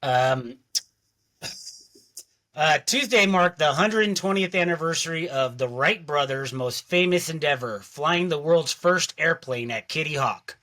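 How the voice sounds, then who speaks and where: Bright, higher-voiced male comic. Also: measured pace. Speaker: comedian guest. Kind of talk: reading monologue jokes.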